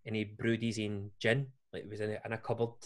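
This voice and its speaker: A man's voice: on the low side, completely flat delivery, fast talker. A man with a Scottish accent hosting a podcast, telling long rambling anecdotes in casual chat and laughing often. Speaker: podcast host.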